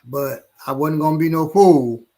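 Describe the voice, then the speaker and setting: A man's voice: a little high, normal speed. A middle-aged man from Chicago hosting a casual chat, telling stories animatedly with many restarts. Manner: animated storyteller acting out loud voices. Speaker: podcast host.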